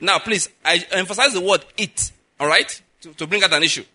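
A man's voice: high voice, fairly quick, sharp tone. A man preaching a sermon as a pastor, emphatic, often checking in with the listeners with asides. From Nigeria.

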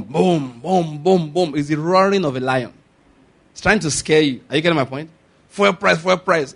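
High-voiced preacher, rhetorical questions. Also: male voice, a bit bright. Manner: repeats rhetorical questions to the congregation. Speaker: pastor. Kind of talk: sermon.

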